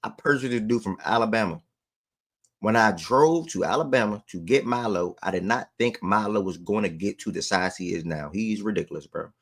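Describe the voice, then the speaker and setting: A man's voice: on the low side, a little fast. A man hosting a sports livestream, talking to his chat in loose, slangy casual speech. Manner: loose slangy talk, breaks off to call his dog.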